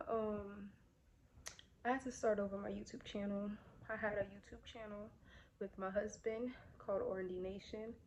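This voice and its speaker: A woman's voice: medium pitch, dark tone, slight background noise. Breathless young woman telling a storytime. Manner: chatty, many fillers, addresses viewers directly. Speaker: vlogger. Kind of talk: casual storytime vlog.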